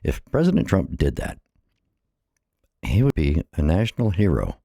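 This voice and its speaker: A man's voice: sits low, huge pitch swings, normal speed, gravelly, dark tone, husky, no room sound, clean studio sound. A middle-aged American man, a little out of breath, giving an earnest, impassioned personal monologue that repeats phrases for emphasis. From United States. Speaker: vlogger.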